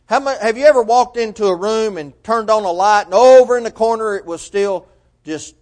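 A man preaching a sermon, emphatic and measured, asking his listeners rhetorical questions. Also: high voice, a little mellow.

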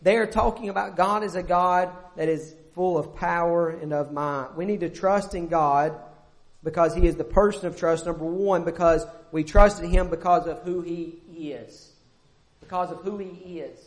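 Man, high-pitched voice, preacher, emphatic repetitive sermon, self-corrections. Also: fairly even intonation, moderate pace.

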